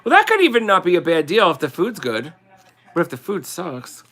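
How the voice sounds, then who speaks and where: A man's voice: high-pitched, wildly swooping pitch, brisk, pushed and bright. A man with a New Jersey accent hosting a casual livestream, rambling and chatty and laughing often as he sells collectibles. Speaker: livestream host selling collectibles.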